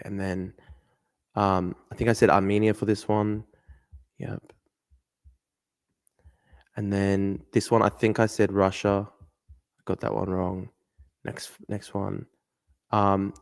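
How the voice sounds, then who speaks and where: A man hosting a casual livestream, talking himself through a guessing game. He mutters asides, swears often and breaks into exasperated outbursts. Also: lowish voice. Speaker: livestream host.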